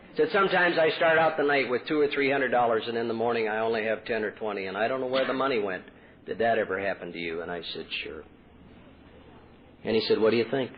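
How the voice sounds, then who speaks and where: A man's voice: medium pitch, fast talker. A middle-aged man from Texas telling his recovery story as a convention speaker, earnestly acting out the dialogue he quotes. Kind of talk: personal recovery talk at a podium. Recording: tinny lo-fi 1980s convention tape.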